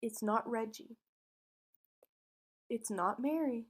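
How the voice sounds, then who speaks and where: A woman's voice: on the high side, takes it slowly. A woman co-hosting a podcast, telling a true crime story in a casual way and acting out what people said. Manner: acts out quotes, sometimes drops to a whisper.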